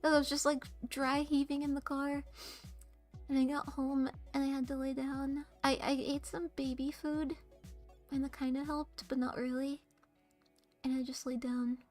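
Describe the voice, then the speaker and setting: A high-pitched young woman streamer speaking into a desk mic. She chats casually to her viewers in a quiet, flat monotone. Faint music plays softly behind her. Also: moderate pace. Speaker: VTuber streamer. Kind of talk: casual livestream chat.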